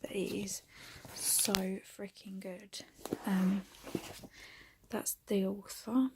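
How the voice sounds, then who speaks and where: A woman's voice: medium pitch, flat delivery, very slow, heavy background noise. A young woman vlogging at home, out of breath, chatting casually and often dropping into a whisper. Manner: coos softly to her cat. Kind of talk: casual vlog chat.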